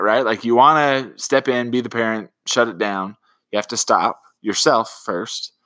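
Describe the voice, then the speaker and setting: A man's voice: medium pitch, no echo. A man co-hosting a parenting podcast, talking casually and loosely, with lots of fillers. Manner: relaxed, rambling with many fillers. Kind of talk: casual conversational chat.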